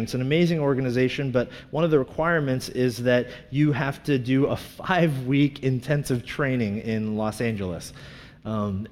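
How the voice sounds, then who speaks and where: A man's voice: medium pitch, a little mellow, big-room sound. A man preaching a sermon, earnest and conversational, telling a personal story with self-mocking humor. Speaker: pastor.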